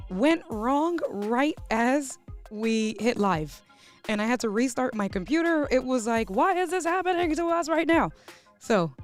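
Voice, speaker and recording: A woman hosts a live stream and chats with her viewers in a lively, easygoing way, calling them y'all. Her voice sits at a middle pitch for a woman. Faint music plays underneath. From New York. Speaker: host. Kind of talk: casual live stream chat.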